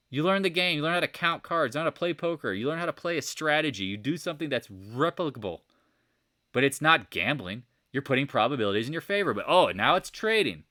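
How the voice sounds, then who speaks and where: A man's voice: a little high, sharp tone, dry recording, clean studio sound. A man giving a casual, rambling market recap over charts, exasperated and preachy, firing off rhetorical questions. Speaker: market commentator.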